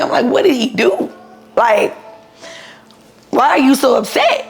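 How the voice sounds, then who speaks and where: A guest in her thirties tells her own story casually, unhurried, in a slightly high voice with a gravelly, fried edge. She's blunt, profane, and animated, voicing each person she quotes, while faint music plays behind her.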